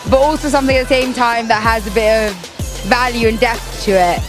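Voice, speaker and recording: A woman's voice: a little high, fairly even intonation, fairly quick, music in the background. A woman answering street interview questions in a thoughtful, musing way.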